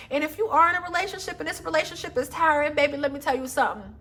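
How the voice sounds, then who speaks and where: High-voiced, blunt woman reading tarot. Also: rapid-fire, fairly bright tone. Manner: blunt, emphatic, swears freely; calls listeners baby and honey. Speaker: tarot reader. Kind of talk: casual tarot reading vlog.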